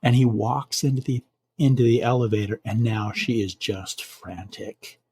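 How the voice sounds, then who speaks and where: A man narrates a chilling bedtime story for his podcast, measured and drawing out the suspense. His voice is husky and mid-pitched, recorded dry and close. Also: a little mellow, no echo. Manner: measured, slowing for suspense, some restarts. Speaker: podcast host telling a scary story.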